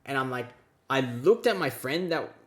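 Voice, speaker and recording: A man's voice: mid-range voice, expressive, moderate pace. A young man telling a story from his student days in a casual rant, exasperated and sarcastic. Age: young adult. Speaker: vlogger.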